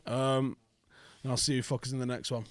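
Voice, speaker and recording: A man's voice: mid-range voice, flat delivery, a little fast, no room sound, studio quality. A young man hosting a football fan vlog, ranting in an angry, sweary, emphatic way. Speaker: football fan channel host.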